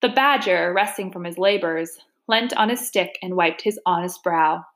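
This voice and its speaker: A woman teacher reading a classic children's story aloud with expressive, measured narration. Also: on the low side.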